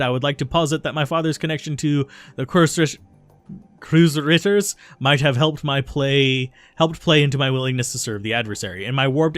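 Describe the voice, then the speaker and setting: A remorseful young woman haunted by her time in a cult tells her confession slowly and steadily, as a man reads her game dialogue aloud. The voice sits at a middle pitch and moves along briskly, recorded dry and close with no room sound. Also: no echo, natural voice. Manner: steady confessional reading with small slips. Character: remorseful young woman, former cultist turned runner.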